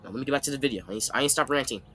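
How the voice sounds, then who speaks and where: A man's voice: medium pitch, racing, bright, forceful tone, faint music behind. A man casually recapping an anime fight in a rambling, slangy way, often checking in with "okay?". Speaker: anime commentator.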